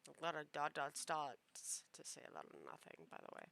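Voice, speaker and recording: A woman's voice: sits low, big pitch swings, brisk, creaky, fairly bright tone, slight background noise. A woman streamer giving casual let's-play commentary, with joking asides while she plays. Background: game music.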